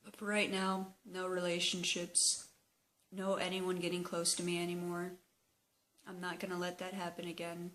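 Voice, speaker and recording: A young woman talking slowly and hesitantly in a personal video diary, open and emotional. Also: lowish voice, completely flat delivery, fairly bright tone, slight background noise. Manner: slow, hesitant, emotional confessional talk. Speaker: vlogger.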